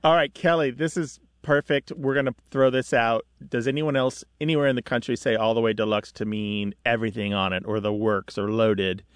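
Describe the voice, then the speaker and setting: A man hosting a call-in radio show, his voice close and dry on a studio microphone. He chats easily with callers and explains word history as if telling a story, at a middling pitch. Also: fairly even intonation, brisk, few pauses, no echo.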